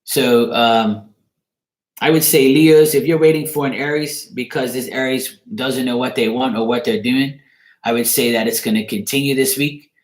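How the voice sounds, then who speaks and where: A man at a middle pitch gives a loose, rambling tarot reading to a live audience. His talk is casual, with the odd swear word and quick asides to viewers. The room around him rings with echo. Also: fairly even intonation. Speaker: tarot reader.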